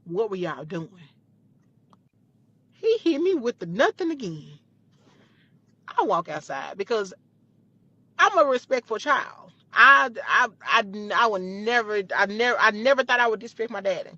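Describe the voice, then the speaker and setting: A woman tells a personal story in a lively, blunt way, swearing freely. Her voice is bright and forceful. The clip sounds dull and dry, like a lo-fi recording. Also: on the high side, moderate pace, no room sound. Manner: animated, profane, blunt. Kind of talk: casual storytelling.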